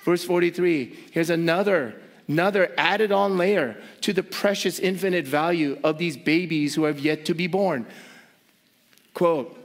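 A man's voice: on the high side, a little slow. A male pastor preaching a sermon emphatically, repeating phrases for stress and asking his listeners rhetorical questions.

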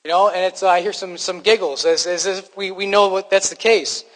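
A man's voice: high voice, fairly even intonation, a little fast, fairly bright tone, big-room sound, low-quality recording. A man preaching a sermon to his congregation in a conversational, self-deprecating way, often restarting his sentences. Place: church hall.

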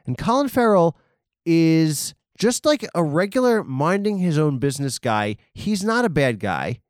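A man's voice: sing-song, measured pace, no echo. Guy rambling through a comedy bit, bouncy voice, dry close sound. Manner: digressive, rambling, mock arguments with himself; bursts into loud high sung shouts.

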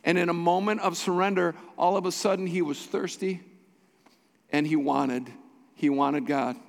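High-voiced man preaching in a reverberant hall. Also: fairly even intonation, moderate pace, creaky. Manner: emphatic preaching with repeated phrases. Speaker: pastor. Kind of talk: sermon. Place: church sanctuary.

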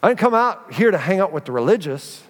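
A man preaching a sermon as pastor, telling stories with animated energy and acting out the voices of the people in them. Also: high-pitched, fast. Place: church sanctuary. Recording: reverberant church sanctuary.

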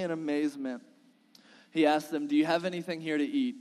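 A man preaching a sermon with an earnest, pleading delivery that builds into impassioned appeals. His voice sits a little high for a man. A long reverb from a large church hall trails after every phrase. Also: moderate pace, a little mellow. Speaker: pastor. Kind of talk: sermon with scripture reading. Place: church sanctuary.

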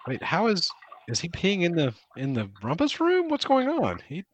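A man's voice: high-pitched, huge pitch swings, a little hiss or hum. Joking man co-hosting a casual podcast. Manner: laughing, jokey, does quick impressions. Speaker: podcast co-host.

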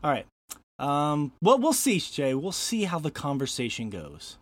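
A man's voice: fairly high pitch, sing-song, a little slow, dry recording. A man hosting a casual podcast chat, joking and laughing often as he introduces his co-hosts. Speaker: podcast host.

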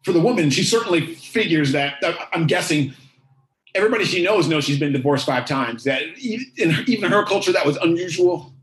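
A man preaching a sermon, telling a story with lively repeated phrases. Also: on the high side, brisk, poor audio.

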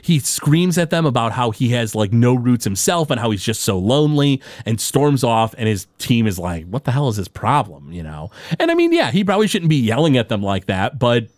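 Guy on a podcast walking through a tv episode, lots of uh and you know, pitch bouncing all over, dry close sound. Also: moderate pace, hardly any pauses, dry recording. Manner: animated storyteller, many fillers and restarts. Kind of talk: casual chat recapping a TV episode.

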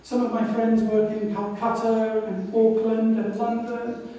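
A woman's voice: on the high side, level tone, measured pace, mellow, distant mic. Woman preaching in an echoey hall. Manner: reflective, storytelling. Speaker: missionary speaker. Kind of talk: sermon with personal testimony.

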